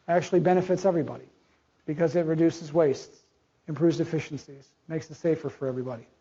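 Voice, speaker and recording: High-voiced man giving a conference talk. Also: a little mellow. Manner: conversational, acts out quoted dialogue. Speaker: conference speaker. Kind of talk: conference presentation. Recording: dull lo-fi audio.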